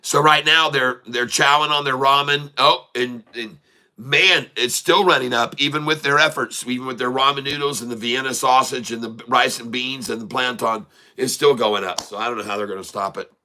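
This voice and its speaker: A man's voice: medium pitch, steady tone, normal speed, sharp tone. A man hosting a day-trading livestream, rambling casually, repeating words and laughing often as he tells a joke.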